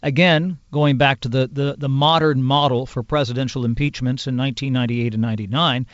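A man who is a congressional news producer, explaining in a measured, detailed way as a podcast guest. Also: medium pitch, steady tone, no echo. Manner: measured, explanatory, piles up clauses and examples. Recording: dull lo-fi sound.

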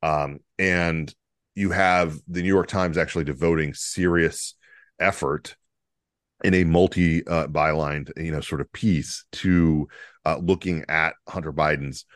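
Male podcast co-host, low voice, rambling and chuckling delivery, dry close sound. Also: fairly even intonation, a little slow, dry recording. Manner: rambling, many fillers and restarts, chuckling. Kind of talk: casual political comedy chat.

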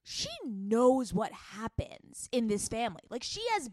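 A woman's voice: fairly high pitch, unhurried, a little mellow, dry recording. A woman co-hosting a casual chat, reacting expressively and laughing often. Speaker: co-host.

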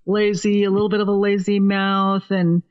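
A woman's voice: mid-range voice, level tone, moderate pace, a little mellow, muffled recording. A woman from Oregon, a professional singer, chatting animatedly as a guest on a casual podcast. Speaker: guest musician.

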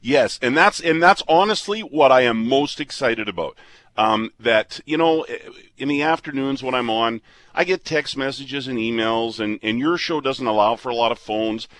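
Canadian radio guy in his 50s, earnest and rambly, lots of restarts, mid pitch, in a studio. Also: moderate pace, fairly bright tone, no room sound. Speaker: radio host. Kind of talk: casual on-air chat.

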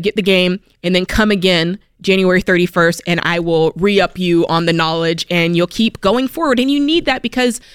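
An upbeat woman hosts a money advice radio show, pushing listeners with lively encouragement. Her voice is smooth and clear, and the studio sound is dry and close. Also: no echo. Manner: energetic, animated, acts out quotes in a higher voice. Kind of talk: upbeat motivational radio talk.

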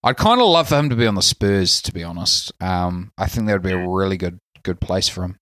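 A man with a New Zealand accent talks basketball in a loose, rambling way, leaning on fillers as he goes. His voice sits a little low, and the recording is close and dry with no room sound. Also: brisk, dry recording. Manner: relaxed rambling with many fillers. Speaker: podcast co-host. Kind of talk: casual chat.

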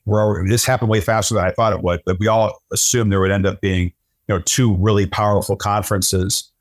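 A man's voice: fairly low pitch, no echo, studio quality. A middle-aged man, a sportscaster guest, telling stories in casual conversation and often repeating words as he starts sentences.

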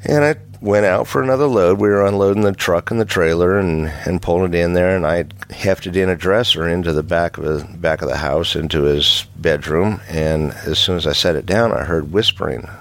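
A middle-aged man with a very low, gravelly voice recounts a ghost story from his own life. He speaks casually and haltingly, restarting phrases and breaking into the odd nervous chuckle. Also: steady tone, no room sound. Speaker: caller telling his own paranormal story. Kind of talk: casual first-person storytelling.

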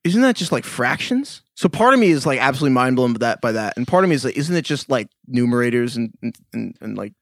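A man hosts a casual podcast chat and reads out listener emails. His voice sits at a middle pitch. The sound is dry and close to the mic. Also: big pitch swings, fast, hardly any pauses, dry recording. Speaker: podcast host.

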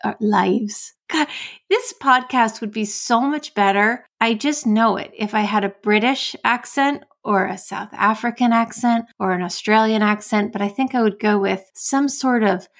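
A woman's voice: a little high, measured pace. An American woman hosting a solo podcast as an astrologer and coach, talking casually with playful asides and frequent self-interruptions.

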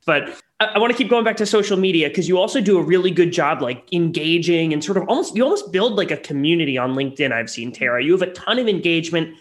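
Male podcast host, light voice, casual and slightly halting. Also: on the high side, lively intonation. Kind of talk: casual interview questions. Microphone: video call with ring light.

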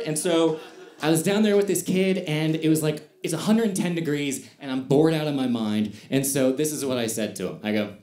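A man's voice: medium pitch, normal speed, a little mellow, roomy sound. A man doing stand-up comedy on stage, telling stories in a loose, conversational way. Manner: conversational storytelling with fillers and asides.

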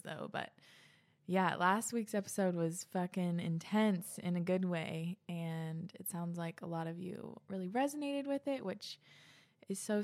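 A young woman hosting her own podcast in casual solo chat, swearing freely and dropping into soft whispers. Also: on the low side. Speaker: podcast host.

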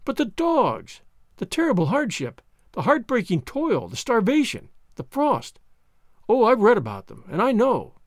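A man's voice: sits high, sing-song, fairly quick, no echo, studio quality. A man doing a passionate pleading wife. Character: earnest young wife, tender and pleading.

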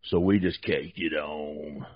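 A man's voice: very deep voice, fairly even intonation, takes it slowly, husky, no echo. A man hosts a casual sports talk show, joking and rambling as he restarts his sentences. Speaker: podcast host. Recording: slightly muffled podcast audio.

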